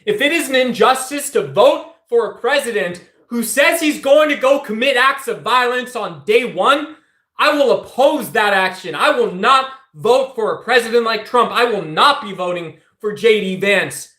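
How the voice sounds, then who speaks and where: A man's voice: extremely high pitch, animated, normal speed, pushed and bright. A man ranting heatedly at his livestream chat, confrontational and addressing viewers directly. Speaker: political streamer. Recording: echoey room.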